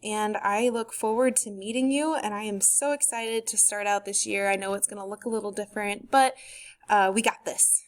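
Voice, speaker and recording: A young woman in her twenties, from St. Louis, giving a recorded course overview as a high school chemistry teacher in a friendly, organized way with frequent ums. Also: fairly even intonation, normal speed. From St. Louis, USA.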